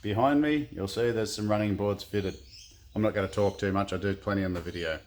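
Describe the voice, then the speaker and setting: A man's voice: on the low side, fairly quick, darkish tone, slight background noise. Laid-back Australian man in a shed. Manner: laid-back, rambling, self-deprecating. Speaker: custom car builder. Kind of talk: casual workshop vlog. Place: home workshop shed.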